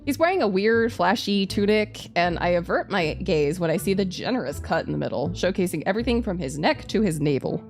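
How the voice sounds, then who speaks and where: A woman streamer reading a visual novel aloud and reacting with giggly, expressive commentary. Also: on the low side, brisk, few pauses, soft background music.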